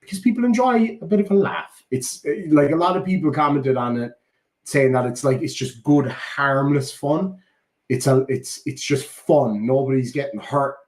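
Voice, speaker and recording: A man's voice: medium pitch, lively intonation, normal speed, a little mellow. A man in his thirties, a YouTuber sarcastically rebutting a critic in a casual rant. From Ireland. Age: 30s.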